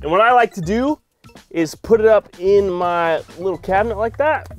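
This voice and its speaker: Playful high-voiced man vlogging. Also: moderate pace, faint music behind. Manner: playful, talks to his dog, sings goofily. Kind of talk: casual vlog chat. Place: camper van in winter.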